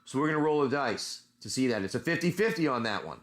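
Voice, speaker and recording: A man's voice: mid-range voice, animated, fast. A man running a casual tabletop-style adventure as game master, rambling with many restarts.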